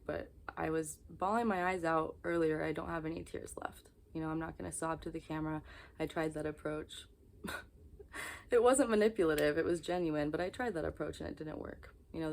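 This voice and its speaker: A woman's voice: low voice, fairly even intonation, brisk, gravelly, slight background noise. A young woman talking to camera in a confessional vlog, exhausted, candid and rambling. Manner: candid, rambling, emotionally raw. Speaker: vlogger.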